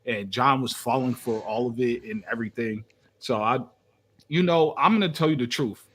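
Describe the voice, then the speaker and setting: Young man, brash podcast co-host, mid-pitched voice, emphatic casual chat. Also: normal speed, a bit bright. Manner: brash, trash-talking, emphatic.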